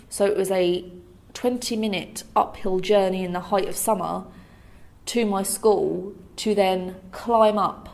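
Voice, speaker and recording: A young woman telling her own story to camera in a lively way, acting out what other people said. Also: medium pitch, vocal fry. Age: young adult.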